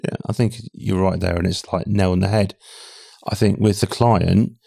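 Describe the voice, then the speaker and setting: Deep, gravelly British man, candid. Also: steady tone, normal speed, warm tone, no echo, studio quality. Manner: candid, conversational, frequent restarts. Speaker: podcast guest, talent acquisition head. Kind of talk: casual interview chat.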